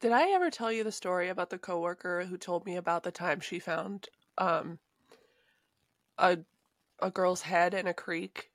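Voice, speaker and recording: A woman co-hosting a podcast, relaxed and chatty, who laughs often while telling anecdotes. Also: lowish voice, moderate pace, no echo. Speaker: podcast co-host. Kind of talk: casual chat and storytelling.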